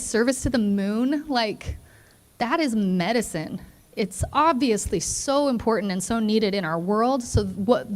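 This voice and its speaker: A young woman, a therapist, giving an earnest and emotional motivational speech to students. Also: a little high. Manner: earnest, emotional, addresses listeners as "you guys". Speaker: keynote speaker, therapist.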